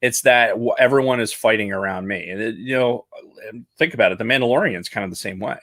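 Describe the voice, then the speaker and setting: A man's voice: fairly low pitch, a bit bright, dry recording. A man co-hosting a podcast in casual chat, rambling with restarts and frequent swearing. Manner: rambling, profane, halting restarts. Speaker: podcast co-host.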